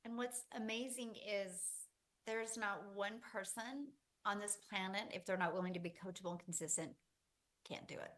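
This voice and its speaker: A woman's voice: medium pitch, steady tone, moderate pace, a bit bright. A woman hosting a live webinar, gushing and encouraging toward her guests. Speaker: webinar host and coach.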